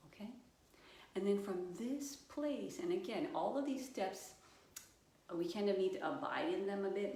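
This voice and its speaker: A woman yoga and meditation coach guiding a live session, slow and soothing, with playful acted-out voices. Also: fairly low pitch, mellow. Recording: echoey room, distant mic, faint noise.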